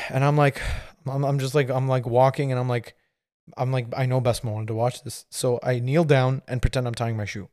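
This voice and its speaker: A man's voice: medium pitch, fairly even intonation, brisk, a little mellow, no echo, clean studio sound. A man in his thirties hosting a podcast, telling a rambling story with lots of fillers and laughing as he goes. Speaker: podcast host. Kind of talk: casual storytelling.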